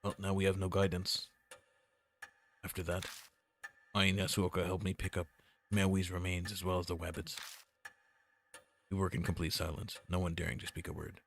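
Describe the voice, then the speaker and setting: A man's voice: sits low, level tone, normal speed, gravelly, pauses often, a little hiss or hum. A man streaming a game, reading its text aloud with jokey, mock-dramatic commentary into a desk mic. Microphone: desk mic with noise gate.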